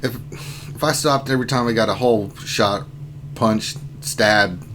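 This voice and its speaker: A man's voice: fairly low pitch, unhurried, a bit bright, a little hiss or hum. A man hosting a casual gaming livestream, rambling and joking as he reads chat messages aloud. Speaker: streaming host.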